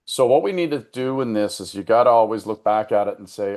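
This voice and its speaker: A man giving a casual, earnest talk to a business group, often slowing down to stress a point. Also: fairly low pitch, a little mellow. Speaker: member giving an education segment.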